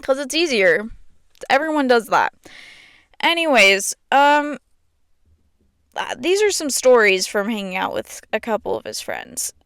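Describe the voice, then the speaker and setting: Chatty young woman, smooth clear voice. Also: fairly high pitch, big pitch swings, unhurried, pauses often, fairly bright tone, dry recording, studio quality. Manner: chatty, fills speech with "like". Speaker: podcast host. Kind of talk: casual chat.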